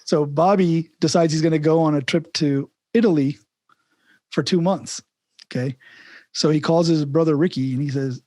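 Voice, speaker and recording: A man's voice: a little high, steady tone, moderate pace, darkish tone, no room sound. Chatty male podcast host, dry sound. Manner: rambling storyteller with many restarts and chuckles. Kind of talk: casual interview chat.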